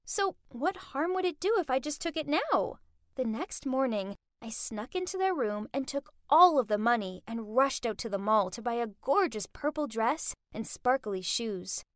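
A woman's voice: on the high side, animated, normal speed, no echo, clean studio sound. A woman narrating a first-person story in a dramatic, gushing way.

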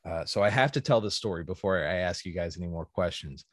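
Man, podcast host, casual chat, animated storyteller, very lively pitch. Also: fast, dry recording, studio quality. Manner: animated storyteller, acts out quotes.

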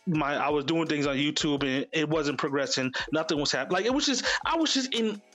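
A man's voice: on the high side, animated, brisk, fairly bright tone. A young man hosting a casual chat, talking candidly and rambling with lots of fillers. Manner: candid, rambling, frequent "you know" and "like". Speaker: podcast host. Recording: faint music behind.

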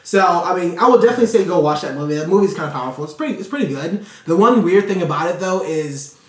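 Podcast co-host, male, slightly high voice, rambling casual delivery, roomy distant mic. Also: lively intonation, quick pace. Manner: rambling, heavy use of fillers like "like". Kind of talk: casual chat. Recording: echoey room, far from mic.

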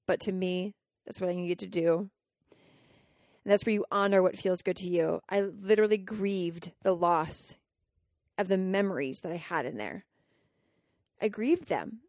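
A woman's voice: on the low side, measured pace, darkish tone, no echo, clean studio sound. A woman hosting a podcast, telling a personal story earnestly and emotionally, acting out her own inner dialogue. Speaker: podcast host and coach.

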